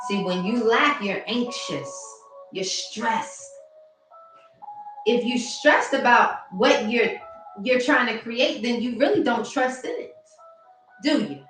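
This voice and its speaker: A woman mindset coach on a phone livestream, talking casually and warmly to viewers and reading their comments aloud. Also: medium pitch. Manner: warm, chatty, addresses viewers directly and reads their comments aloud. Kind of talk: casual motivational livestream talk. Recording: very echoey room with faint music.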